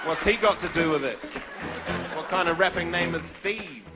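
A man rapping in a comedy song as a boastful male hippopotamus rapper, over loud backing music. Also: on the high side, normal speed, natural voice. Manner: rhythmic rapping with mock bravado.

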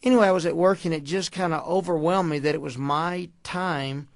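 A man with a rough, gravelly voice sits slightly above the usual pitch. He tells his stories with folksy color, acting out the dialogue. The sound is dry and close. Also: steady tone, a little fast, no echo. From Houston, Texas. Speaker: boxing coach. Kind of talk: storytelling interview.

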